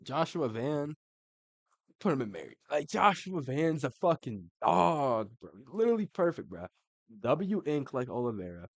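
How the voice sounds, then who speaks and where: A man's voice: fairly high pitch, big pitch swings, a little slow, vocal fry, no room sound. A young adult man giving casual ranking commentary, slangy and profane, saying "bro" after nearly every line. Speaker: MMA commentator.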